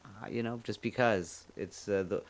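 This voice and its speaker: A man from Canada with a lowish voice hosts a livestream, chatting casually. He rambles and jokes and laughs often. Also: moderate pace, vocal fry. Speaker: livestream host. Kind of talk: casual chat.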